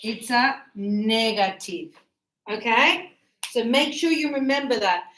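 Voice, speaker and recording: A woman teaching English grammar to learners, animated and acting out short dialogues as examples. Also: a little high, takes it slowly. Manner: animated, acts out little dialogues to illustrate usage. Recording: echoey room.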